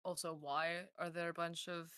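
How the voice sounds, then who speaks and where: A woman's voice: fairly low pitch, little pitch movement, normal speed, pushed and bright, smooth, no echo, studio quality. A woman playing a tabletop game, blunt and casual. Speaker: player. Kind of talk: tabletop role-play.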